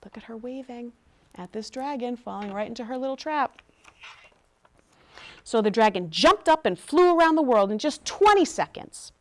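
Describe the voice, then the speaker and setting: A woman's voice: on the high side, moderate pace. A woman reading picture books aloud at a storytime, chatting to the children between pages. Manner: animated, chatty asides to kids. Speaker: storytime reader.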